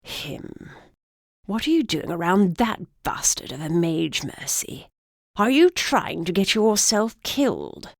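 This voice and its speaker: A woman voicing a rasping old English griffin man. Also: fairly low pitch, very animated, slow pace, no room sound, clean studio sound, heavily acted. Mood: alarmed. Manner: gruff, snarling, rasping. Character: cranky blind old male griffin in human form. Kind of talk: audiobook character voice.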